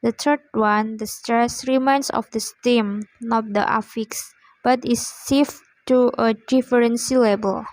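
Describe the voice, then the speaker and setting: A young woman reading a class presentation in a slow, measured way with pauses. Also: fairly high pitch, steady tone, darkish tone, no echo, rough recording. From Indonesia. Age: young adult. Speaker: student presenter.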